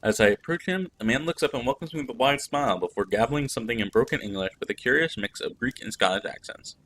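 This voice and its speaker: A man's voice: mid-range voice, animated, fast talker, fairly bright tone, a little hiss or hum, natural voice, rough recording. A man reading the first-person narration of an earnest young French woman in a narrative game.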